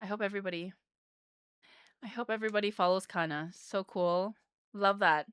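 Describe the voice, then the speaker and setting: A bubbly young-sounding woman streamer chatting to her viewers, giggling often and tripping over her words. Her voice is bright, smooth and a little high, recorded close and dry. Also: normal speed, dry recording. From Philippines. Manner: bubbly, giggly, rambling with fillers. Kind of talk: casual live-stream chat.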